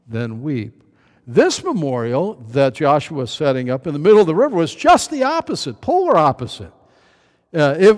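A man preaching a verse-by-verse Bible sermon in a chatty way, with many fillers and restarts, acting out quoted voices with big jumps in pitch. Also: a little mellow. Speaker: pastor. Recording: long hall reverb.

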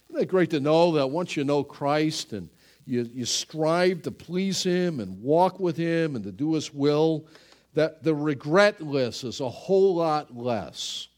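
A male pastor delivering a passionate sermon. His voice swings widely in pitch, and he takes his time, stretching out his words. Every now and then he bursts into a loud cry. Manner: impassioned preaching, slow and dramatic with sudden loud exclamations.

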